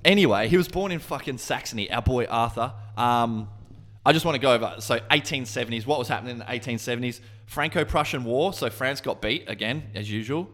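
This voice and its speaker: A man's voice: mid-range voice, fairly quick, fairly bright tone. A man hosting a casual podcast in a mid-range voice. He rambles into tangents and swears freely as he talks through his notes. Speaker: podcast co-host.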